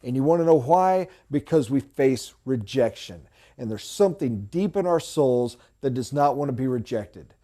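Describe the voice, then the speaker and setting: A man's voice: mid-range voice, lively intonation, normal speed, dark tone. A middle-aged man giving an emphatic, preachy motivational talk as a sales trainer in a training room.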